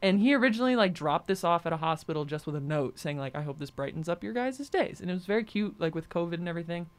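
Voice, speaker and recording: A young woman co-hosting a podcast, her voice sitting on the low side for a woman. Her delivery is lively and swoops up and down in pitch. She chats casually, fills her speech with "like", and laughs often. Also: quick pace. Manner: chatty, laughs often, many "like" fillers. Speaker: podcast co-host. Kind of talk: casual chat.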